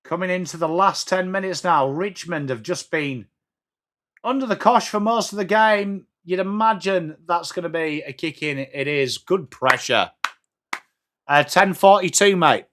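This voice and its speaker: High, bright-voiced English man calling a match. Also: unhurried. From England. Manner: switches between play-by-play calls and chatty replies to viewers. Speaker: livestream host. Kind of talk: live watch-along commentary.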